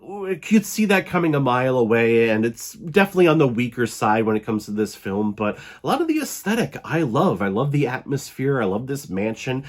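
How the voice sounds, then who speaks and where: A young man with a hoarse, sick-sounding voice, giving a blunt, joking movie review. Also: medium pitch, big pitch swings, a little fast, hardly any pauses. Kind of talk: casual movie review vlog.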